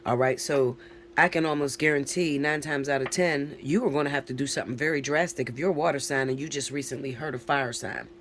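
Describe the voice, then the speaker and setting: A man's voice: medium pitch, a bit bright, slight background noise. A man giving a casual tarot reading to camera, talking bluntly and frankly, often swearing and checking in with his listeners. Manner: chatty, keeps checking in with listeners. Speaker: tarot reader.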